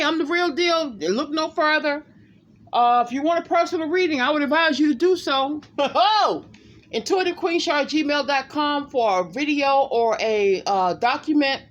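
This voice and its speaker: A woman psychic reader talking casually and emphatically to her viewers in a vlog, often addressing them directly. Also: high-pitched. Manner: emphatic, animated, talks to viewers as "y'all".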